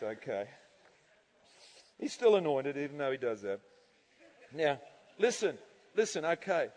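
A male pastor preaching an animated sermon to his congregation, acting out people's reactions and laughing often. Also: a little high. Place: church hall. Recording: church hall reverb.

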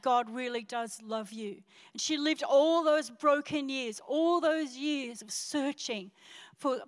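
A middle-aged woman pastor preaching a sermon in church, telling her story with dramatic swings from hushed whispers to crying out. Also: high-pitched. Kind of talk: sermon testimony.

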